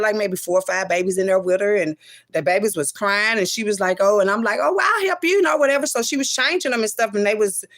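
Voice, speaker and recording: A woman telling a personal story in casual, slangy speech, swinging from loud exclaims to hushed asides. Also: mid-range voice. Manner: profane, slangy and conversational.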